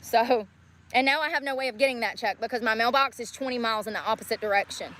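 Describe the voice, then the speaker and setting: A woman's voice: on the high side, fast talker, bright, forceful tone, a little hiss or hum. Fired-up woman ranting on the street. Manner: profane, combative, ranting. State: weary and in pain from walking. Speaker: homeless livestreamer. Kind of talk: angry livestream rant. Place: outdoors on a town street.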